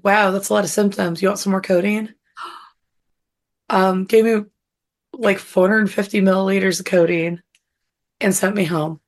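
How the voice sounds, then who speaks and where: A woman with a husky, hoarse voice from being sick and a gravelly crackle underneath it. She co-hosts a casual podcast chat and rambles through her story with lots of "like" and "um.". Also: mid-range voice. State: hoarse from illness. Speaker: podcast co-host.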